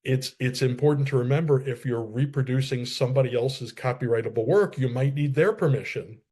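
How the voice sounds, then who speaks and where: A mid-pitched man explains legal points on a podcast. He builds each idea step by step, with small restarts, in a measured, steady way. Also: slightly rough. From New Jersey, USA. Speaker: copyright expert guest.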